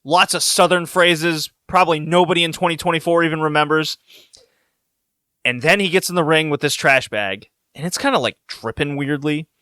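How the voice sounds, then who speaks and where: Bright-voiced man recapping with gusto. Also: a little high, normal speed, clean tone, no room sound, clean studio sound. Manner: animated storytelling, laughing, voices rising when excited. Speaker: podcast co-host. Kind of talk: casual podcast recap.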